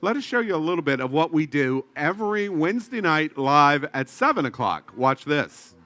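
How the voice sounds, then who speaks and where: A man's voice: on the high side, normal speed, no echo. A man hosting a live talk show, joking with his co-hosts and speaking straight to the viewers. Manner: animated, joking, speaks to the audience directly. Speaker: host. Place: TV studio.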